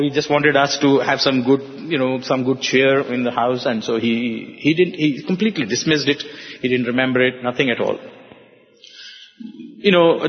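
An older man with an Indian English accent telling a personal story to an audience, halting, with fillers and restarts. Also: mid-range voice. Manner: halting, with frequent fillers and restarts, voicing others in quotes. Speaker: speaker giving a personal testimony. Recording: dull, echoey hall sound.

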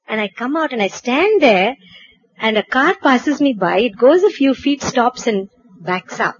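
A woman from India, telling a personal anecdote in a lively way, acting out dialogue and laughing at herself. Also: fairly high pitch, measured pace, dull audio. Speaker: storyteller. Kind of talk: personal anecdote told to an audience.

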